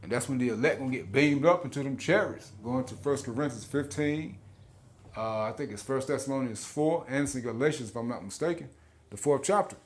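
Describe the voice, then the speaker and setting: A man teaches scripture in a loose, slangy way, laughing often and stumbling over repeated words. His voice sits at an ordinary middle pitch for a man. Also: brisk. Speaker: street preacher.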